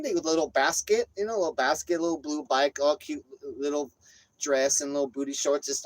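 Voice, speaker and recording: A man vlogging, telling a rambling story full of cursing and lively retelling. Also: on the high side, brisk, no echo, rough recording. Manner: rambling, profane, animated retelling. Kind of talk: casual storytelling.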